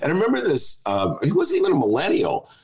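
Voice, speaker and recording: Animated, wry man hosting a chat show. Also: on the high side, quick pace, poor audio. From United States. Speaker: host. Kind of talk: casual podcast chat.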